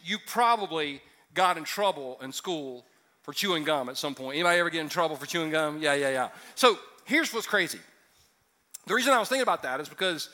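A pastor in his fifties preaches to a live congregation in a loose, joking way, then drives his points home with emphasis. His voice sits high for a man and has a bright, ringing edge. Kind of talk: sermon. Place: church hall with audience.

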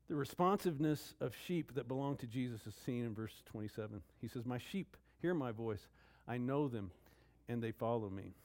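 A middle-aged man preaching a sermon, emphatic, repeating key phrases and swinging between loud declarations and hushed asides. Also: mid-range voice, creaky. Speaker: pastor.

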